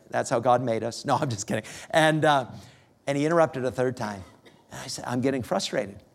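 A middle-aged man preaching a sermon as a pastor, telling a family story with gentle humor and lively rises and falls. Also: a little high. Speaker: pastor becoming missionary.

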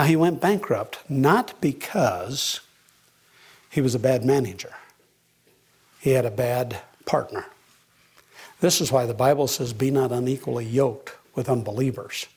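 A man's voice: mid-range voice, darkish tone, slightly rough. A man preaching a sermon as a pastor, earnest, his voice rising for emphasis.

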